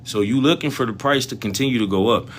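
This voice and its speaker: Animated slangy man hosting a trading livestream. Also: medium pitch, quick pace, a little hiss or hum. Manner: animated, slangy, talks straight to viewers. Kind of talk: casual livestream chat about stock trading.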